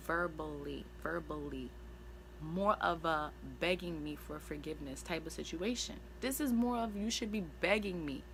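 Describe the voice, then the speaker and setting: A woman's voice: medium pitch, fairly bright tone, slight background noise. A woman vlogging to camera, talking casually and emphatically, often repeating her words. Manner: emphatic, repeats phrases, upset and indignant.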